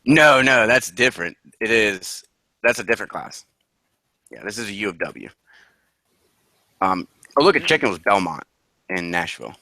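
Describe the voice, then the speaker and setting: A man's voice: fairly low pitch, expressive, moderate pace, long pauses, sharp tone, no echo. A man co-hosting a casual podcast while sick. He swears freely, laughs often and sounds mock-incredulous. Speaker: podcast co-host. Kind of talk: casual chat.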